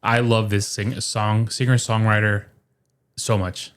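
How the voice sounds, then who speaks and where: Chatty low-voiced man co-hosting. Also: little pitch movement, measured pace, clear, resonant tone. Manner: chatty storyteller, acts out quotes. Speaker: podcast co-host. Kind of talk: casual chat. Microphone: studio microphone.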